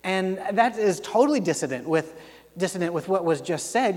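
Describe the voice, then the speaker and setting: A man's voice: high-pitched, animated, normal speed. A man preaching a sermon as a pastor, talking conversationally with frequent restarts and acted-out quotes. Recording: long hall reverb.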